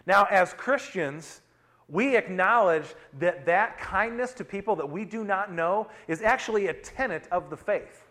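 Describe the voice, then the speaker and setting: Middle-aged guy preaching, chatty and storytelling, kinda high voice, gets loud then soft a lot. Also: a little slow. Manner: conversational preaching with personal stories, lively swings in loudness. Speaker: pastor. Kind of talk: sermon.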